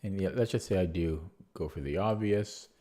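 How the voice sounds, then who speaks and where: A man's voice: sits low, normal speed, warm tone. Man thinking aloud over chess. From Canada. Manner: thinks aloud, repeats words and restarts while calculating; chatty replies to viewer chat. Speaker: chess streamer. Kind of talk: live-stream chess commentary, thinking aloud.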